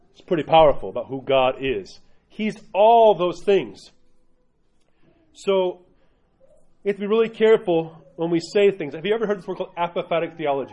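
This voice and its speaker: A man with a mellow voice on the high side teaches a religion class to a group, often pausing to put questions to the room at an uneven pace. He is an Orthodox Christian teacher, captured on a dull lo-fi recording.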